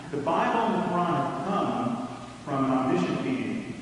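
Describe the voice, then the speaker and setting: A man giving a measured, argumentative lecture to an audience, often restarting his sentences. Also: fairly high pitch, expressive, a little hiss or hum. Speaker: public speaker. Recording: echoey hall recorded from far off.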